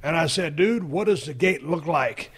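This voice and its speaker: A man hosting a podcast, telling a story in a casual, profane, animated way and acting out the people he quotes. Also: fairly high pitch, normal speed, slightly rough. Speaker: podcast host.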